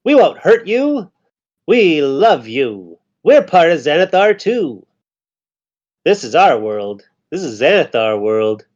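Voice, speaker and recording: Short scheming goblin chief, a man doing the voice, slow and swooping, for a lo-fi podcast game. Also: fairly high pitch, sing-song, a little mellow. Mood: fawning. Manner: fawning then indignant, showy. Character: small scheming male goblin boss.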